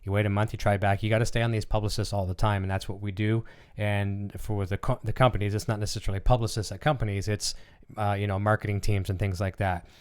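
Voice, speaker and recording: A man hosts a relaxed live stream in a lowish voice, rattling along at a quick clip. His speech stays smooth and clear, though he drops plenty of ums and uhs between thoughts. He sounds like a friendly channel host chatting off the cuff. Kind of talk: casual live-stream chat.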